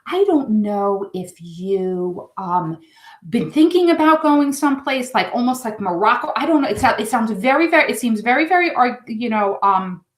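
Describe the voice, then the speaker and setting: A woman's voice: fairly high pitch, animated, normal speed. A woman giving a live tarot reading, chatting in a rambling, emotional, effusive way. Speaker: tarot reader. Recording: echoey room.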